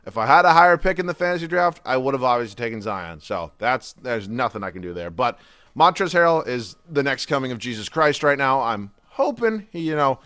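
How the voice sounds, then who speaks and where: A man's voice: mid-range voice, sing-song, brisk, fairly bright tone, clean tone, no echo. A young man giving casual, profane gameplay commentary, ranting as he plays. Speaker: gaming YouTuber.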